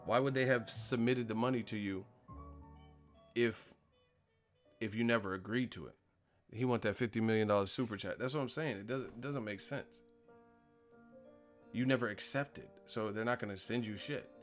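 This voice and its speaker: A man's voice: on the low side, moderate pace, pauses often, faint music behind. A man hosting a casual live stream, ranting with profanity and disbelief, often laughing at his own points.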